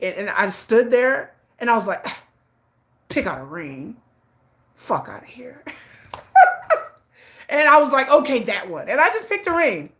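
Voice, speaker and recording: A middle-aged woman hosting a livestream, telling a story in blunt, laughing, animated casual chat. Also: a little high. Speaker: livestream host.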